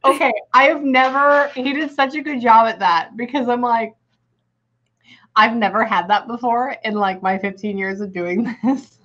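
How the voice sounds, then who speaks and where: Woman medium, halting and lo-fi. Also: fairly high pitch, fairly even intonation, fairly bright tone. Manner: halting, keeps saying hang on while relaying messages. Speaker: psychic medium. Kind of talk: reading for a sitter.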